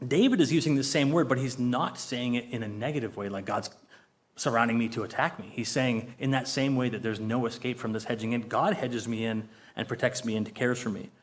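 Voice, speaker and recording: Earnest middle-aged man leading Bible study. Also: medium pitch. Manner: earnest and heartfelt, conversational with many fillers and restarts; reads scripture aloud, asks the group questions. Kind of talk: casual Bible study teaching.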